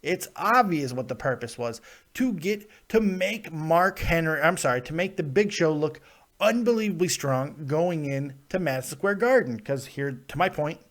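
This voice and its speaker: He's getting sick, his ears are plugged, and he's still hosting a live wrestling review podcast full of profane rants and frequent laughter. His voice is on the high side, with lively intonation and a normal speed.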